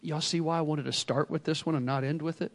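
A man preaching a sermon with energy, swinging between loud bursts and quiet asides to the congregation. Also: on the high side, quick pace. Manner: energetic preaching, acts out excuses in quotes. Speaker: pastor.

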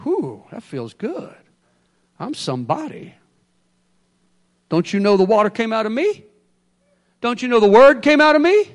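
A man's voice: very high voice, big pitch swings, moderate pace, long pauses, voice pushed up. A man voicing a boastful, self-important preacher who brags about his own power. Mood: smug, boastful. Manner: preening, showing off.

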